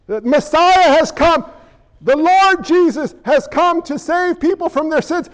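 A man's voice: very high voice, expressive, unhurried. A male pastor preaching a sermon with impassioned, emphatic delivery that often rises and gets worked up.

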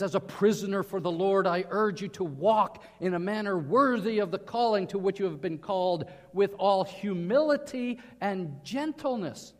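A man preaching a sermon in earnest, often putting questions to his listeners. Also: high-pitched. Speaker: pastor. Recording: reverberant hall.

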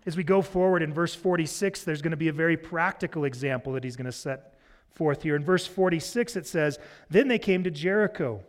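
Male pastor, expository sermon, casual delivery, slightly higher pitch. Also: fairly quick. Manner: conversational, expository preaching.

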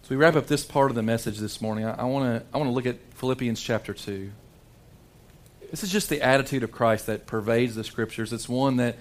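A man preaching a sermon, dropping to hushed, slow tones for emphasis and repeating words as he restarts sentences. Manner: dramatic, shifts between hushed low tones and animated quoted voices. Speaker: pastor.

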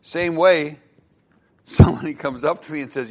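A man's voice: a little high, moderate pace, pauses often, darkish tone. A male pastor telling a joke in his sermon, in a folksy, chuckling storytelling manner.

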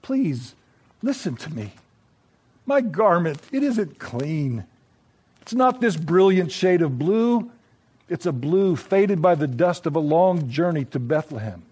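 A man voicing a lonely, frightened teenage girl who pleads in a soft, breaking voice. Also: on the high side, lively intonation, a little slow. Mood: pleading.

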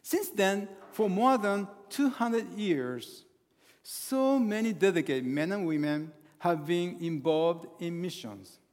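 Fifties guy giving a sermon, lots of uh's and restarts, high voice, long church echo. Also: expressive, darkish tone. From Japan. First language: Japanese. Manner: halting, full of hesitations and restarts. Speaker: guest pastor. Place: church sanctuary. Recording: long hall reverb in a church.

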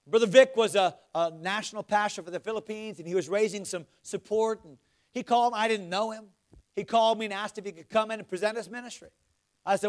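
A middle-aged male pastor preaching a sermon, swinging from loud exhortation to hushed, earnest questions. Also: sits high, brisk.

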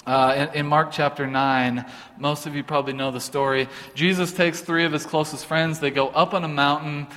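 A man's voice: a little high, fairly even intonation, normal speed, pushed and bright. A man pastor giving an informal, earnest sermon, often restarting his sentences. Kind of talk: conversational sermon. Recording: long hall reverb.

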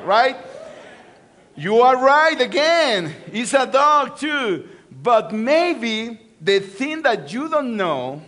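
A man's voice: very high voice, sing-song, slow, fairly bright tone. A middle-aged man with a Mexican accent, a Spanish native speaker, preaching a sermon to a church and joking with the congregation. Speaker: guest preacher.

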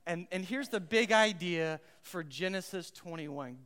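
A man preaching a sermon as pastor, emphatic and repeating his key phrases, swinging between loud and hushed, and putting questions to the congregation. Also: high voice, a little slow, few pauses, clear, resonant tone, in a large hall.

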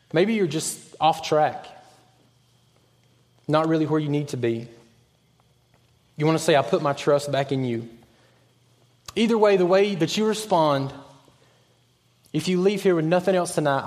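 Earnest high-voiced preacher in a reverberant church. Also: male voice. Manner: earnest, dropping to a hushed voice on key points. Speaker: pastor. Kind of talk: sermon.

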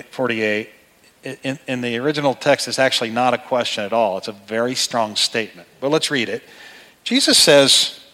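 A middle-aged man delivers a sermon from the pulpit. His voice is bright and forceful, conversational one moment and emphatic the next. A long reverb from a large church hall trails behind every phrase. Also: medium pitch. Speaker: pastor.

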